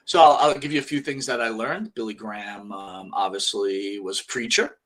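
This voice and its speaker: A man's voice: lowish voice, moderate pace, a bit bright. A man co-hosting and producing a casual wrestling talk show, teasing his partner and reading viewer comments. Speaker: co-host and producer.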